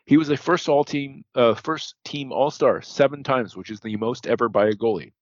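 A man's voice: medium pitch, moderate pace, no room sound, lo-fi sound. A man co-hosting a casual podcast, reeling off statistics and correcting himself as he goes. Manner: reels off statistics, corrects himself mid-sentence. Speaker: podcast co-host. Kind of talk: casual stats-heavy podcast chat.

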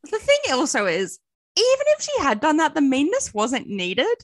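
A woman's voice: high-pitched, wildly swooping pitch, moderate pace, dry recording, clean studio sound. A young adult woman in casual chat, candidly sharing personal anecdotes. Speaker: podcast co-host.

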